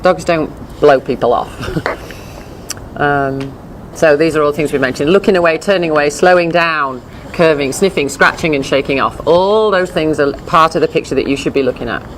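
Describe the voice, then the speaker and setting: A woman teaching a dog behavior class in a chatty, animated way, often acting out voices. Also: deep voice, normal speed, a little hiss or hum. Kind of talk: informal lecture with slides.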